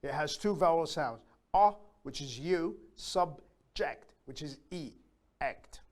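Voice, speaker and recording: A man teaching a beginner English lesson, patiently explaining step by step and slowly repeating each word aloud so learners can copy it. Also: on the high side, animated. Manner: slow, repeats words aloud to model pronunciation.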